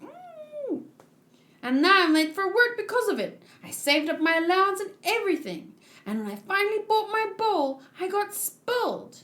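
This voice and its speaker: Bubbly little girl, high and bouncy, giggles a lot, put on by a woman reader. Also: very animated, normal speed, a bit bright, reverberant, heavily acted. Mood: chirpy. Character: cheerful little girl, giggly shrine-maiden-in-training. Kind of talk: read-along voice acting.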